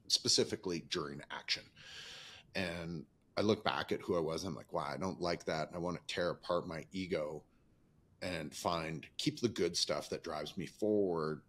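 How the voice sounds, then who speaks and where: A man's voice: rumbling low, a bit bright, breathy edge. A man in his fifties hosting a podcast, talking candidly and at length about his own life in a reflective, rambling way. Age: 50s. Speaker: podcast host. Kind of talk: reflective casual conversation.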